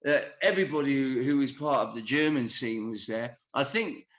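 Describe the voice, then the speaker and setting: A man telling wild anecdotes in a casual conversation, animated and swearing freely. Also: medium pitch, normal speed, reverberant. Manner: animated storyteller who swears often. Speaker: musician guest.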